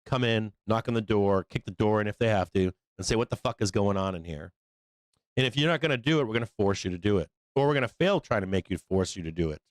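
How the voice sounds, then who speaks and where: A man's voice: fairly low pitch, animated, fast, hardly any pauses, dry recording. A man hosting a live stock market show, talking in a blunt, profane, rambling way. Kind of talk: casual market commentary.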